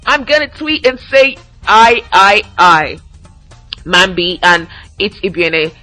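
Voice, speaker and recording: Casting: woman host, bright, forceful tone, chatty solo podcast, quick to laugh, faint music underneath. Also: medium pitch, poor audio. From Nigeria. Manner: lively, chatty, laughs a lot. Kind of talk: casual solo podcast chat, reading fan tweets.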